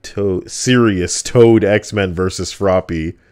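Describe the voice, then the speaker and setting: A man's voice: sits low, slow pace, darkish tone, smooth. A young man streaming casually, teasing and arguing with plenty of swearing. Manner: profane, teasing, argumentative. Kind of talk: casual live-stream chat.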